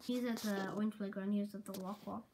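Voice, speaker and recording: A woman's voice: mid-range voice, fairly even intonation, quick pace. A woman casually recapping her own homemade comic series, rambling along and quoting characters with "and he's like" over a noisy home recording. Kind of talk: casual rambling story retelling.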